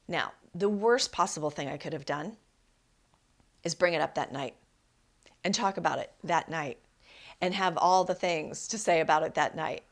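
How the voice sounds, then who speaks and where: A woman's voice: fairly low pitch, normal speed. A woman life coach hosting a podcast, telling a personal story and giving relationship advice in an emphatic, conversational way, often asking "right?". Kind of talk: solo podcast talk.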